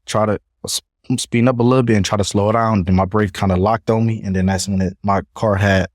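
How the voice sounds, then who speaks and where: A young man, a podcast guest, telling his own story in a casual, animated way and acting out what others said. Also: fairly low pitch, fast talker, no room sound, studio quality. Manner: animated retelling, acts out others' voices.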